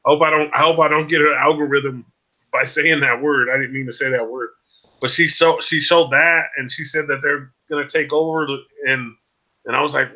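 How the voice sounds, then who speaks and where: A man in his forties, appearing as a guest on a casual video call chat, talks in an animated, brisk way with a voice on the high side, often asking "you know what I mean?"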